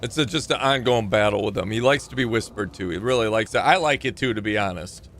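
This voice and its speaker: A man's voice: lowish voice, fast, fairly bright tone, a little hiss or hum. Chatty man streaming a game. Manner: chatty, rambling, reads notes aloud. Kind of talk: casual gameplay commentary.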